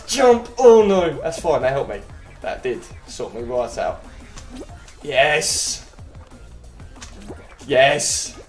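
A man giving casual commentary while he plays a video game, chatty and excitable. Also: on the high side. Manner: excitable, chatty, quick cries and laughs. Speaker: gaming channel host. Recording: roomy echo, faint game music.

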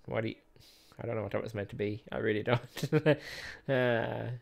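Speaking at a normal speed in a creaky, lowish voice, a man hosts a gaming video. His casual let's-play commentary calls the match play by play, chatty and self-mocking, with plenty of laughter.

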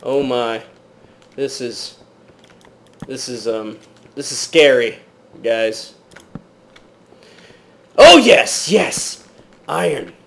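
Slow-talking man in a mock British accent. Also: mid-range voice, creaky. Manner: startled yelps and exclamations at game threats; talks to viewers as "guys". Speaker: gaming channel host. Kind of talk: let's play gameplay commentary.

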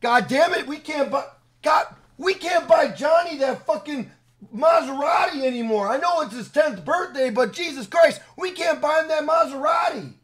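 A man mockingly voicing a flustered, greedy male game-company executive who shouts in exasperation. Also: very high voice, lively intonation, normal speed, pitched above the performer's own voice. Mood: exasperated shouting.

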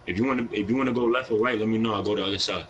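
A man's voice: fairly low pitch, fairly even intonation, very fast, highs cut off, a little hiss or hum. A young man with a New York accent, live-streaming a basketball video game, talking in brash, profane trash talk with an aggressive edge. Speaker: gaming streamer.

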